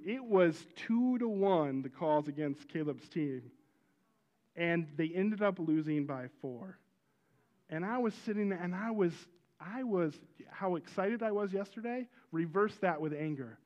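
A high-pitched middle-aged pastor animatedly preaches a sermon full of his own stories, erupting now and then into loud exclamation. The recording has its highs cut off.

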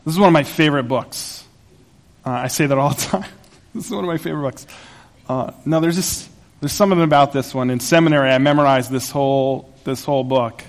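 A man's voice: medium pitch, fairly even intonation, fairly quick. A pastor preaching a sermon to his congregation in a conversational, humorous way, laughing at his own asides. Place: church sanctuary.

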